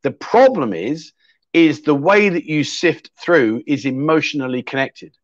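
A man's voice: a little high, expressive, unhurried, no room sound, lo-fi sound. Chatty man hosting a livestream. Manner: chatty, rambling, reads out viewer comments. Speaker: livestream host. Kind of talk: casual livestream chat.

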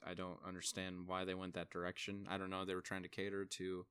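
A young man with a smooth, resonant, fairly low voice talks through a movie with a friend. He is lively, and his pitch leaps up whenever he acts out what he was thinking. The recording is close and dry, with no room sound. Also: quick pace, dry recording. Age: young adult. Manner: animated, acts out his own reactions with big jumps in pitch. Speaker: podcast co-host. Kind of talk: casual film review chat.

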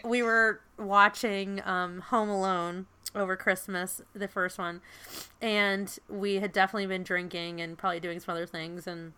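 A woman in her fifties co-hosts a casual podcast and chats in an animated, storytelling way. Her voice is bright and clear. She leans on fillers as she goes. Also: mid-range voice, normal speed. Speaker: podcast co-host. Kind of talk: casual chat.

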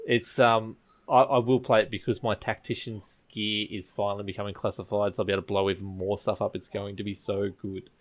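A man hosting a casual gaming podcast, talking in a relaxed, rambling way. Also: lowish voice, a little fast, hardly any pauses. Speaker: podcast host.

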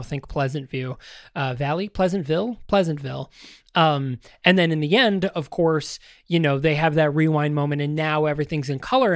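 A man hosts a podcast, chatting loosely with plenty of fillers and restarts, now and then cracking jokes aimed right at the listener. His voice sits a bit high for a man. The sound is close and dry, with no room echo. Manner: rambling, many fillers and restarts; addresses listeners directly, joking. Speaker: podcast host. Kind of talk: casual commentary on a TV series.

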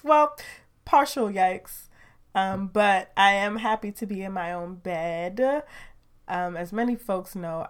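A woman's voice: medium pitch, smooth. Woman, podcast host, casual chatty monologue, playful, laughs easily, recorded at home. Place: her bedroom at home. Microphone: home recording mic.

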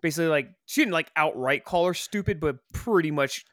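A man's voice: a little high, a little fast, dry recording. Man, podcast co-host, casual storytelling, lots of swearing, dry close sound. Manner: profane, animated storytelling. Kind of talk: casual chat.

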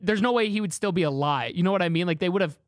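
Male podcast host, slightly high voice, rambling, dry close sound. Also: racing, no room sound. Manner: rambling, animated, lots of fillers and restarts. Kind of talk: casual chat.

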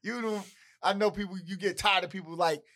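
High-voiced man with a Chicago accent. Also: fairly even intonation, fairly quick, pushed and bright. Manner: upbeat, hype-man energy. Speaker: host. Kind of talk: casual panel interview.

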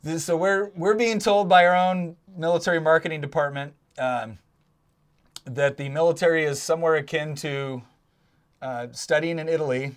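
A man co-hosting a casual reaction chat, joking and sarcastic with quick asides. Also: on the high side, fairly even intonation, smooth. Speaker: co-host.

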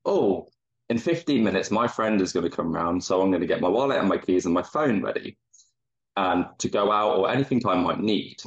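A man's voice: sits low, lively intonation, fairly quick, slightly rough. A man, a podcast guest, explaining things in a reflective, rambling way. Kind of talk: casual chat. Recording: dull muffled audio.

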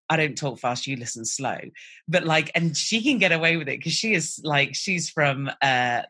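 A low-voiced woman hosts a podcast, excitable and quick with her words. Her tone is bright and forward, with a husky edge. She asks her guest questions in a loose, chatty way. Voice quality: naturally low voice. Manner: excitable and fast-talking. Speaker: podcast host. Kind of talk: conversational podcast interview.

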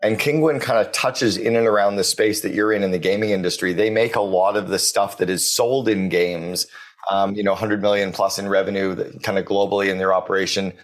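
A man's voice: on the low side, fairly even intonation, fairly quick. A man hosting a business podcast, speaking with emphatic enthusiasm and repeating key words for stress. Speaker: podcast host. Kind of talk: business interview.

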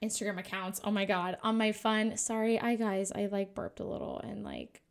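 A woman's voice: mid-range voice, flat delivery, moderate pace, vocal fry. A young woman hosting a casual spiritual podcast, gushing and chatty, often saying "you guys" and "like.". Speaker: podcast host.

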